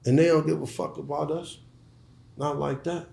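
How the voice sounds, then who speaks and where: A man's voice: fairly high pitch, level tone, moderate pace, creaky, warm tone, echoey room. A middle-aged man speaking as an interview guest, emphatic and profane, often repeating words as he starts a sentence. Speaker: guest, former hustler turned entrepreneur. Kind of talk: casual interview talk.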